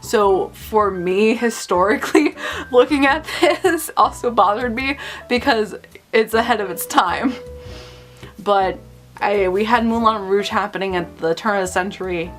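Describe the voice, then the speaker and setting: A woman's voice: mid-range voice, unhurried, a bit bright, soft background music. A woman hosting a casual film review vlog, opinionated and nitpicking, often laughing between points.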